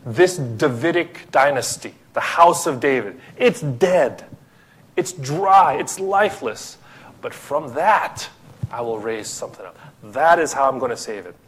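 A husky-voiced man preaching slowly to a handful of listeners in a small room. He builds his points in emphatic lists, then drops low and quiet to drive them home. His delivery is unhurried and leaves room between phrases. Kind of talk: sermon.

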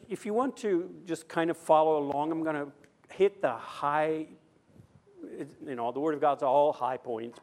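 A man preaching a sermon, reading scripture deliberately and then giving an emphatic running commentary. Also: a little high, a little mellow. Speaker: pastor.

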